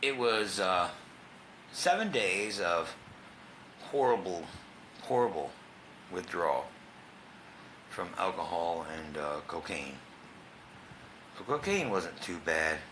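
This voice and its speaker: A man's voice: sits low, lively intonation, slow pace, pauses often, a bit bright, slight background noise. A man candidly telling his own story in a casual, profane way, sometimes dropping to a whisper. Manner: casual, profane, drops to a whisper at tense moments. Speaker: guest sharing his recovery story.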